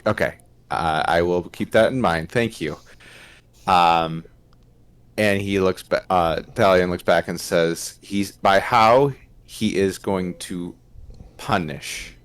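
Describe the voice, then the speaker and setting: A man's voice: low-pitched, slow, clean tone. A man narrating and voicing his character in a tabletop role-play game, with frequent fillers. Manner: hesitant, many fillers. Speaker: player voicing a knight.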